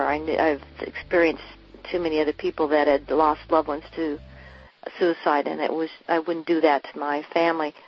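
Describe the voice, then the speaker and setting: A woman, a coach, telling her personal story candidly and earnestly, acting out the dialogue of the past. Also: fairly low pitch. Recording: muffled lo-fi recording.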